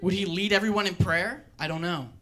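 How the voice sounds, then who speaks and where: A man doing a stand-up routine on a club stage, wry and deadpan with rambling asides. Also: high voice, a little fast. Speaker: stand-up comedian.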